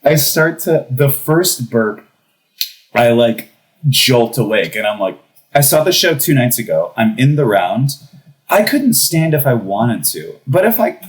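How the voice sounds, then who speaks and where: A young man in his thirties telling a comic personal story in a casual podcast conversation, animated and laughing as he goes. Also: medium pitch, rough recording. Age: young adult. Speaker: podcast guest.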